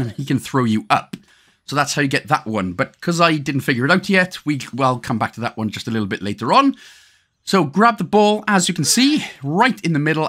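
A man's voice: on the high side, a bit bright. Chatty Welsh man narrating a game walkthrough. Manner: chatty, joking asides, casual slang. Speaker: gaming guide host. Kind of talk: gameplay walkthrough commentary.

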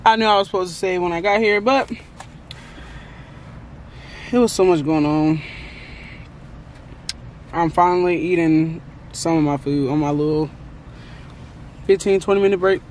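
A woman's voice: fairly low pitch, a little slow, long pauses, a little mellow, a little hiss or hum. A woman vlogging casually about her day on a phone held at arm's length, chatty and rambling, often exasperated. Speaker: vlogger and lash technician. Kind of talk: casual selfie vlog.

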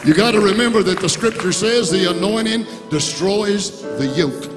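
A bishop preaching an impassioned sermon in a church sanctuary, swinging between soft words and shouts. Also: male voice, high voice, lively intonation, normal speed, few pauses. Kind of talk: Pentecostal sermon. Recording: reverberant church hall with music.

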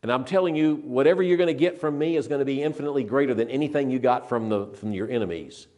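A man's voice: mid-range voice, darkish tone. Earnest older man preaching a sermon. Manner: earnest and emphatic, slows down to stress scripture; repeats words and restarts phrases.

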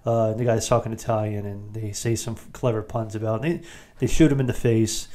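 A man hosting a podcast, giving a rambling, jokey recap of a movie with quick asides. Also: lowish voice, fairly even intonation, dark tone. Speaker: podcast host.

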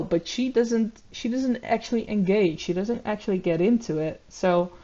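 A woman offering analytical commentary in a measured, reflective voice, often pausing on an "uh". Her pitch sits in a middle range. The recording sounds slightly dull. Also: mellow. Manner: measured, reflective, many ums and uhs. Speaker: YouTube commentator.

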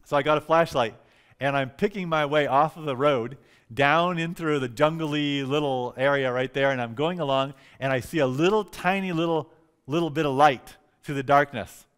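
A pastor preaching a revival sermon, telling stories with lively emphasis and acting out quoted lines softly. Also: male voice, on the high side, normal speed, clean tone. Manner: animated, repeats words for emphasis, acts out quotes softly. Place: church sanctuary.

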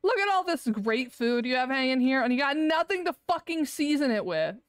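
A woman's voice: high-pitched, very animated, fairly quick, smooth, dry recording, clean studio sound. A woman streaming a game live, ranting and swearing in exasperation, with lots of laughter. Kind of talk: live gameplay commentary.

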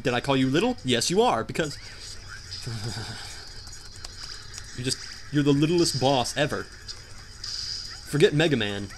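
Animated young man yelling over gameplay. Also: medium pitch, takes it slowly, pauses often, noisy background. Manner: animated, jokey, yells in frustration at the game. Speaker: gameplay commentator. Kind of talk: let's play commentary.

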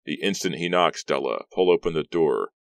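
A man's voice: a bass voice, normal speed, gravelly, dry recording, studio quality, exaggerated voice. A man voicing a daring, self-assured teen boy. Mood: confident. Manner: calm, defensive. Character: daring, confident teenage boy.

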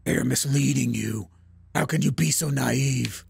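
A man's voice: mid-range voice, a little slow, gravelly, darkish tone, breathy edge, dry recording, studio quality, pitched below the performer's own voice, exaggerated voice. A man voicing a stern, cryptic talking bird. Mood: stern warning.

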